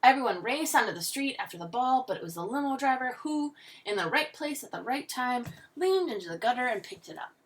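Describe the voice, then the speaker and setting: A woman teacher reading a picture book aloud with expressive storytelling. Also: on the high side, fairly quick, far from the mic.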